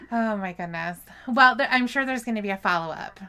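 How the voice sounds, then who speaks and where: A woman's voice: fairly high pitch, bright, forceful tone. A woman co-hosting a live podcast stream, chatting casually and laughing often in a teasing way. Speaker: podcast co-host.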